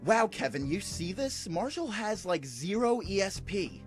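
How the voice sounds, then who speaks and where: A chirpy, playful young woman ghost hunter, as a man puts her on. Her lines come out bright and teasing. Background music sits behind her. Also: high voice, sing-song, measured pace, pitched above the performer's own voice.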